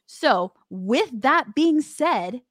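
A woman's voice: sits high, animated, extremely slow, no room sound, studio quality. A woman co-hosting a sports podcast, chatting casually and thinking aloud. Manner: conversational, thinks aloud with fillers. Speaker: podcast co-host.

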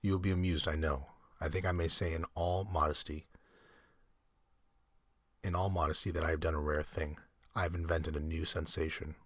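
A man reading a suave, deep-voiced aristocratic hunter. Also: flat delivery, a bit bright, no room sound, studio quality. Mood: courteous menace. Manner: slow, courteous, menacing. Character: suave aristocratic middle-aged male hunter general.

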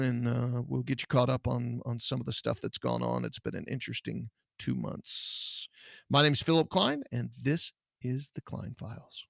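A man's voice: medium pitch, gravelly, a bit bright, no echo. A middle-aged man from Texas, hosting a podcast in a folksy, earnest, rambling way. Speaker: podcast host, private investigator. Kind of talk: casual podcast talk.

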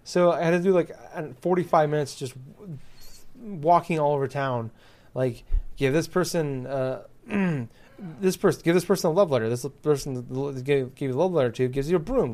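A man's voice: a little high, brisk, darkish tone. Man, casual chat, exasperated profane rant, lots of fillers.

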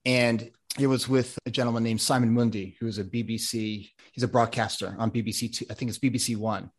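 An American man chatting as a guest on a podcast. He rambles and restarts his sentences, and he sounds eager and heartfelt. His voice sits at an ordinary middle pitch for a man. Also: steady tone, fairly quick. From United States. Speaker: podcast guest, ADHD coach. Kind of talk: casual interview chat.

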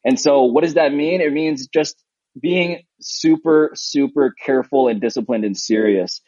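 A husky-voiced man in his thirties from New York talks in a loose, rambling, earnest way, full of "like" and restarts. He sounds short on sleep. The sound is dry and slightly muffled, as if it comes over a remote line. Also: mid-range voice, normal speed, a little mellow, no echo. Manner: rambling, earnest, many fillers. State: sleep-deprived new father. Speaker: podcast co-host. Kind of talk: casual remote chat.

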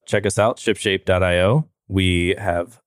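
A man hosting a casual podcast, talking in a relaxed, rambling way and laughing often. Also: low voice, unhurried, clean tone, dry recording, clean studio sound. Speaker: podcast host. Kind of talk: casual chat.

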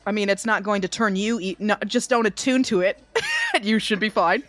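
A woman's voice: medium pitch, moderate pace, fairly bright tone, no echo. A woman at a tabletop game, talking her way through her character's actions in a loose, rambling flow. She restarts sentences, swears offhand and laughs between lines. Her voice sits mid-height and is recorded dry and close. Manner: rambling, self-correcting, laughing, swearing casually. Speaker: player.

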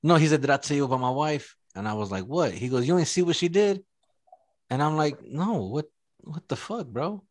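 A man's voice: on the high side, lively intonation, a little fast, dry recording, clean studio sound. A man co-hosting a podcast in casual banter, laughing often and swearing with lots of slang. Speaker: podcast co-host.

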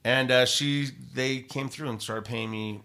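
Unhurried and mid-range in voice, this male radio host rambles energetically through stories in a laid-back interview. His sentences restart, his thoughts loop back, and fillers crop up often.

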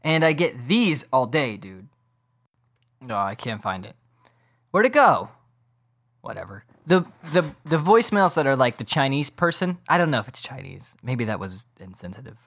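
A man hosts a laid-back sports podcast, talking in an animated, rambling rush of thoughts. His pitch sits in an ordinary middle range for a man, and he swings from mumbling asides to incredulous outbursts. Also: normal speed. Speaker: podcast host. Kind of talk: casual podcast rant.

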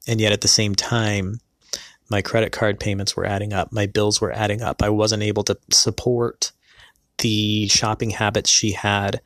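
A man speaks in a lowish voice, slow to find his words and stopping often with filler sounds. His tone stays earnest and low-key. The sound is close and dry, with no room around it. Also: little pitch movement, fairly bright tone, no room sound. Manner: hesitant, many pauses and filler sounds. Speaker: person recounting a past marriage. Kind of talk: personal storytelling.

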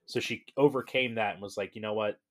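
A man co-hosting a casual podcast chat, talking in an animated way and acting out scenes. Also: on the low side, fairly quick. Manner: animated, laughing, acts out scenes. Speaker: podcast co-host.

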